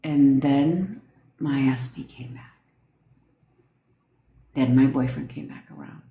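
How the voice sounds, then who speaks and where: A young woman rants bluntly on a phone livestream, swearing freely and pressing each point hard. Her voice sits low. The sound bounces around an echoey room. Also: slow pace, dark tone. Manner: blunt, profane, emphatic. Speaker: manifestation coach. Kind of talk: livestream rant.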